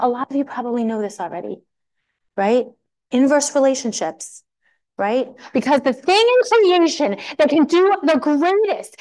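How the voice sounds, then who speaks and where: Animated woman teaching a women's class. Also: high-pitched. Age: adult. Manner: animated storytelling, acts out quotes.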